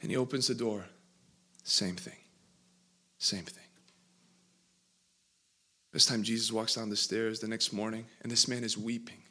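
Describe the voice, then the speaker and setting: Bright-voiced preacher telling a dramatic parable. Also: male voice, fairly low pitch, fairly even intonation, measured pace, long pauses. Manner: dramatic, building narration with sudden bursts. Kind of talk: sermon storytelling.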